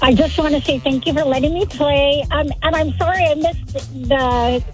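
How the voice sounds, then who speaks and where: A woman calling in to a radio quiz, hesitant with many pauses. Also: high-pitched, fairly even intonation, soft background music, low-quality recording. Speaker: caller. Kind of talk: phone-in quiz contestant.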